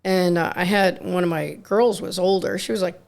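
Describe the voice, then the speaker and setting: A woman's voice: fairly low pitch, steady tone, moderate pace, creaky, a little mellow. A middle-aged woman, a nurse co-hosting a podcast, telling rambling anecdotes in casual chat and acting out quotes.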